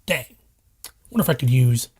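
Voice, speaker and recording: A man's voice: mid-range voice, animated, moderate pace, a little mellow, slightly rough. A young man hosting a casual home cooking vlog, rambling, joking and swearing, recorded on a lavalier mic in a kitchen. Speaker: cooking vlogger. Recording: fridge hum in the background.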